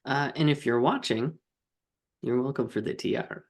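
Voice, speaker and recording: A man's voice: mid-range voice, moderate pace, gravelly. A man co-hosting a casual comedy podcast, playful and jokey with theatrical flair. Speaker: co-host.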